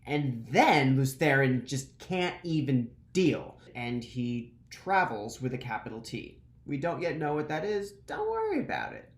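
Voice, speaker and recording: A woman's voice: a bass voice, expressive, a little slow, hardly any pauses. An enthusiastic woman hosting a casual, slangy video recap of a fantasy novel. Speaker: book recap host. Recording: roomy echo.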